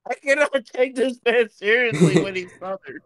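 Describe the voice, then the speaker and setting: A man's voice: very high voice, fairly bright tone. A man teasing his friends with profane banter in casual stream chat.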